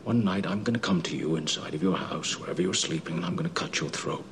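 Threatening old-time american oilman, raspy, talks fast. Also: low voice, exaggerated voice. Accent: vintage early American.

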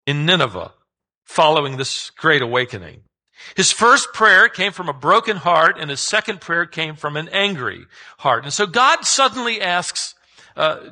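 In a low-quality recording, a pastor delivers a sermon in a high, lively voice that swings widely in pitch. His tone is very bright with a husky edge. He speaks emphatically and keeps putting rhetorical questions to his listeners.

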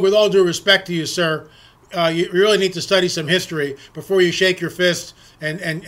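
A man's voice: high-pitched, fairly bright tone. A middle-aged man delivering an indignant political opinion monologue, ranting and firing off rhetorical questions. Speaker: political commentator.

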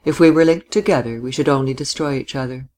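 Storybook role: proud young woman, cold and ironic, read by the narrator, mid-pitched. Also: fast talker, darkish tone, natural voice. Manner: contemptuous, then grave and weary. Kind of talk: audiobook reading.

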